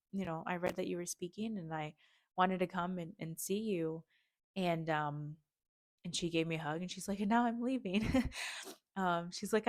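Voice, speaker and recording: A young woman talks through a personal story, heartfelt and meandering, full of little fillers and restarts. Her voice sits fairly low for a woman and sounds close and dry, with almost no room around it. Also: gravelly, no room sound. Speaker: podcast host.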